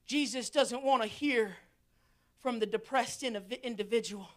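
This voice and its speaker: A woman preaching a sermon, swinging from impassioned shouting to hushed, near-whispered lines. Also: fairly high pitch, moderate pace.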